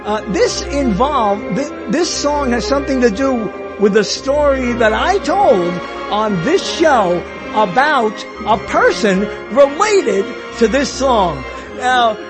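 A man's voice: very high voice, big pitch swings, measured pace, over music. A man hosting a talk show in casual chat, rambling and trailing off mid-thought. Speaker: show host.

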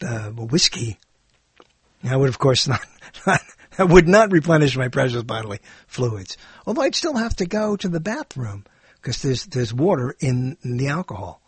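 A man's voice: fairly high pitch, husky, dry recording. An older man hosting his own show, rambling in a casual monologue that drifts into jokes and musings about what words mean. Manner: digressive, joking, muses aloud about word meanings.

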